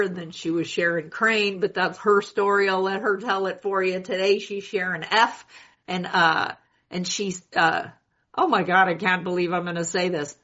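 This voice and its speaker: A woman's voice: on the low side, sharp tone. Wry woman in her sixties telling her story. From California. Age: 60s. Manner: wry, self-mocking storytelling with laughs. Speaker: recovery meeting speaker. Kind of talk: candid personal share at a meeting. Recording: dull lo-fi meeting recording.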